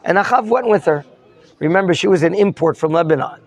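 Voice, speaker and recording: A man's voice: high-pitched, animated, fast talker, some chatter behind. A man teaching a Torah lesson as a rabbi, questioning his students and mixing in Hebrew terms. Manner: questions the students and prompts answers.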